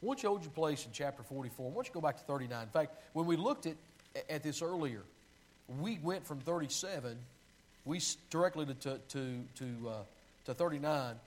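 A man preaching a sermon with a slightly raised pitch. He reads scripture aloud in a pleading voice that often drops low and soft. He breaks off now and then to correct himself and find his verse. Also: expressive, fairly quick, rough recording. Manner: restarts and self-corrections while finding verses.

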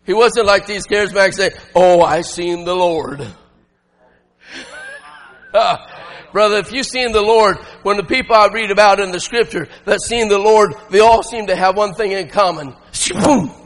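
A male preacher giving a sermon with emphatic, shouting delivery and frequent laughter. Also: high-pitched, normal speed, long reverb tail.

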